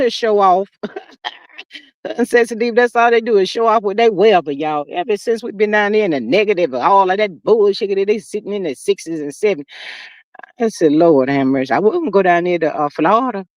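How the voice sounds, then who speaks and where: A middle-aged woman hosting a livestream, chatting casually with viewers and reading their comments in an animated, talkative way. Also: mid-range voice, dry recording, muffled recording. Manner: chatty and animated, calls viewers "child" and "y'all". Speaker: livestream host. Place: sitting outdoors.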